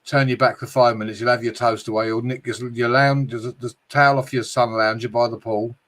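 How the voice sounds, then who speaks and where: Casting: middle-aged British male streamer, jokey and sweary, chatting to viewers, mid-pitched voice. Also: level tone, a little fast, a bit bright. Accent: British English. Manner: jokey, swearing, frequent laughs. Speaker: livestream host reading chat. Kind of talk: casual livestream chat.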